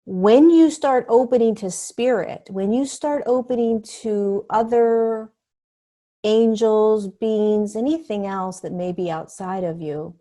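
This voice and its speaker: A middle-aged woman talking as a podcast guest, earnest and animated, acting out the voices of other people. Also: medium pitch, slow pace. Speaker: podcast guest, spiritual teacher. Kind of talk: conversational interview.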